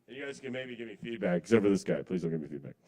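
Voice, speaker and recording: A man's voice: fairly low pitch, lively intonation, very fast, warm tone. Rambling self-deprecating male stand-up comic. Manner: chuckles at his own jokes. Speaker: comedian at an open mic. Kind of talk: live stand-up comedy. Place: small bar at a live open mic night.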